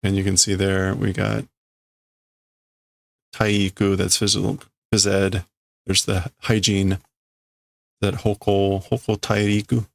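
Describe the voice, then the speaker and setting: A man hosting a casual livestream, reading Japanese manga lines aloud and translating them haltingly as he thinks out loud. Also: low voice, little pitch movement, gravelly, no room sound.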